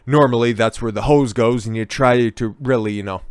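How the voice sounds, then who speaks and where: A man's voice: mid-range voice, moderate pace, clean tone, no room sound, studio quality. A man hosting a reaction commentary, ranting with heavy profanity and sarcasm. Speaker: commentary channel host.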